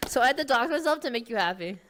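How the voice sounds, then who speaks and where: A woman's voice: on the high side, animated, very fast, fairly bright tone, slight background noise. A woman chatting casually, flustered and pleading. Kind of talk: casual chat.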